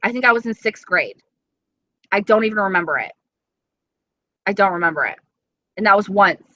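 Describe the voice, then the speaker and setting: Young female streamer, gushing casual chat, bright tone, dry dull webcam audio. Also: mid-range voice, expressive, moderate pace, dry recording. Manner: chatty, gushing, dramatic. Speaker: vlogger chatting with live viewers.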